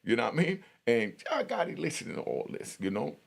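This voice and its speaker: A man's voice: mid-range voice, very animated, quick pace, creaky, slightly rough. A middle-aged man telling prison stories casually, in street slang with constant fillers. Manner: street slang, constant "you know what I mean" fillers. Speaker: storyteller, channel host.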